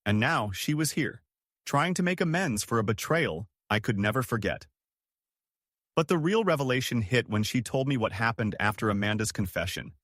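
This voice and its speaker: A man's voice: mid-range voice, expressive, moderate pace, a bit bright, no echo, studio quality. A man narrating a first-person story in a dramatic scripted storytelling manner.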